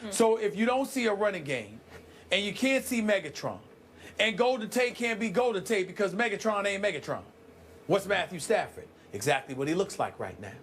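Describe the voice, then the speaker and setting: A man's voice: high voice, very animated, brisk, a bit bright, a little hiss or hum. A man co-hosting a sports debate show who talks in an emphatic, dramatic way and repeats lines for effect.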